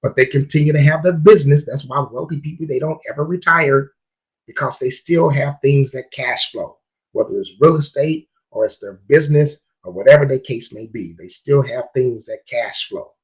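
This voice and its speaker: A man hosts a podcast on investing. His voice is husky and slightly rough. He talks in an emphatic, preachy way and repeats points for effect. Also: medium pitch, moderate pace, poor audio. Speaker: podcast host. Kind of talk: casual podcast talk on investing.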